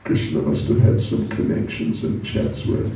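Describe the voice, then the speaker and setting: A man giving a storytelling sermon to an audience in a large hall, with asides to his listeners. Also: heavy background noise. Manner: animated, slow, with asides to the audience. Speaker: monk giving a talk. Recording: echoey hall from far off.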